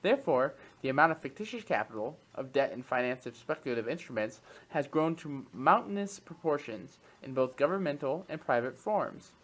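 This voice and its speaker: A man in a reading group, reading long passages of a text aloud and then stopping to comment on them in a relaxed, thinking-aloud way. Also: medium pitch, fairly quick, poor audio.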